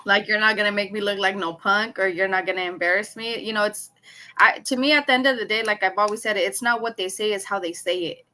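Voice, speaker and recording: A woman's voice: mid-range voice, fairly even intonation, fast talker, bright, forceful tone. A woman guest in a casual podcast chat, talking in a reflective, hesitant way with many fillers.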